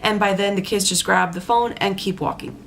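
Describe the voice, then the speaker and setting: Woman telling a scary dream story, mid pitch, lots of restarts, some faint hiss behind. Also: vocal fry. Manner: animated, halting with many restarts and repeats. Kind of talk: casual personal storytelling.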